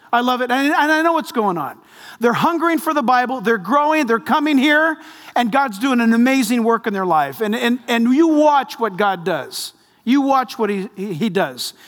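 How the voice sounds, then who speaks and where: A man in his fifties, a pastor preaching a sermon with lively storytelling and jokes. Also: extremely high pitch. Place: large church hall. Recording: long hall reverb.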